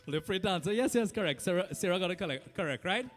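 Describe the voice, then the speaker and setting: A Trinidadian man with a high voice preaches as a Hindu pundit in a temple hall. He teaches in a friendly, conversational way, checking in with his listeners as he goes. Faint music sits underneath. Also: expressive, fairly quick. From Trinidad and Tobago. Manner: conversational teaching with frequent "right?" and laughs. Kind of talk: sermon.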